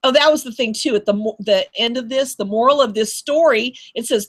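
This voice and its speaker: A woman's voice: fairly high pitch, brisk, few pauses. A woman teacher hosting a video call chat, telling a story and acting out the voices in it. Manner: animated storyteller, acts out voices. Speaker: teacher and show host.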